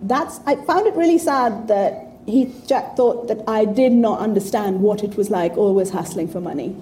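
A woman's voice: mid-range voice, normal speed, mellow, a little hiss or hum. A woman in her fifties giving an informal talk to an audience, blunt, profane and sarcastic. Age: 50s. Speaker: speaker addressing an audience.

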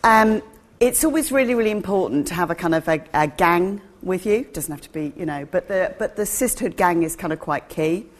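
Chatty woman with a low voice. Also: expressive, fairly quick. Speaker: co-host. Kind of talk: casual talk.

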